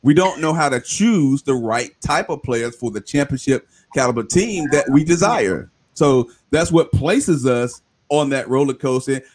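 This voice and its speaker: A man hosting a podcast interview, chatting casually and joking with his guest, sometimes dropping his voice low for effect. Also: lively intonation, measured pace, few pauses, a little mellow. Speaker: podcast host.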